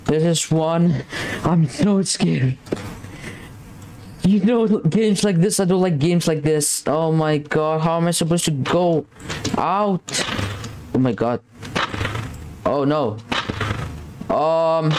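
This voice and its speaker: A man with a fairly high voice commentates a horror game, nervous and jumpy, going over the same words again and again. He talks slowly and draws things out, with a steady hiss of noise under his voice. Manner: jittery, scared, rambling, repeats himself. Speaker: gameplay commentator. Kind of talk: gameplay commentary. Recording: noisy background.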